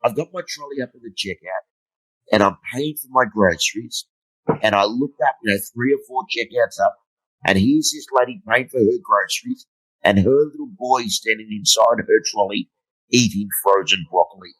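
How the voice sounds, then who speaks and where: A man's voice: lowish voice, normal speed, a bit bright, rough recording. A middle-aged man, a motivational speaker, telling blunt, humorous stories in an interview and swearing freely. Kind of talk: storytelling interview.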